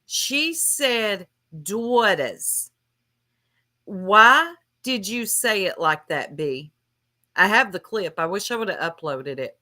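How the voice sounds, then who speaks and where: A woman hosting a livestream, giving scolding, drawn-out commentary in casual chat. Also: medium pitch, animated, pushed and bright. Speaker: livestream host.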